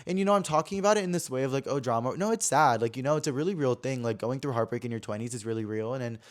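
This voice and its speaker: A man's voice: mid-range voice, very fast. A man in his twenties hosting a podcast, telling a personal story in a chatty, filler-heavy way that swings between dramatic and subdued. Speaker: podcast host. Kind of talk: casual storytelling chat.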